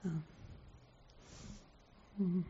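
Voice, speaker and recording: A soft-voiced woman leading a reflective group sharing, speaking thoughtfully with many pauses and fillers, on a muffled lo-fi recording. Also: a little hiss or hum. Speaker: group facilitator.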